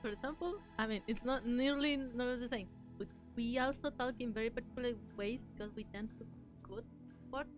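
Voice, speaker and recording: A woman whose first language is Spanish, chatting casually as a streamer host in a soft, giggly way. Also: fairly high pitch, fairly quick, music in the background. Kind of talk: casual chat.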